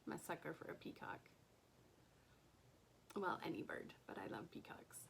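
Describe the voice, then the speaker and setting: A woman's voice: sits low, animated, normal speed, gravelly, rough recording. A woman chatting casually about her craft haul, gushing over each item and often dropping to a near whisper. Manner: gushing, soft-spoken, often drops to a whisper. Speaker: cross stitch vlogger.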